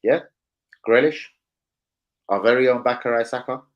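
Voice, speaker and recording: A man's voice: medium pitch, normal speed, lo-fi sound. A man hosting a live football chat stream, chatty and slangy, talking straight to his co-host. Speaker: livestream football show host.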